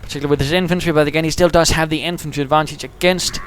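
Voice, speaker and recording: A man giving chatty play-by-play commentary on a strategy game match, getting excited at the big moments. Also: on the high side, rapid-fire, slight background noise.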